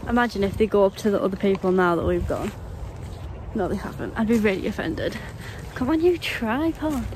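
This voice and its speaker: A woman's voice: medium pitch, expressive, brisk, a little mellow, a little hiss or hum. A young woman in her twenties, chatting bubbly and giggly to a handheld camera as she vlogs her trip outdoors. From North East England. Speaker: vlogger. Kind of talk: casual vlog to camera. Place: outdoors at a zoo and in the city.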